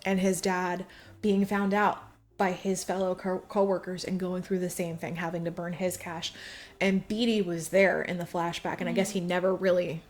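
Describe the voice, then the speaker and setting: A woman's voice: on the low side, flat delivery, normal speed. A woman co-hosting a podcast, casually retelling a film plot, acting out quotes and laughing often. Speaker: podcast co-host. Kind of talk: casual movie recap chat.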